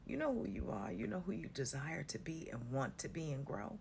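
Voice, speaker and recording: A woman's voice: low-pitched, animated, brisk, vocal fry, hardly any pauses, a little mellow, a little hiss or hum. A woman giving a casual spiritual talk to her viewers, blunt and sassy, swearing freely and calling listeners honey and baby. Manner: drawls terms like honey and baby. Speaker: spiritual content creator.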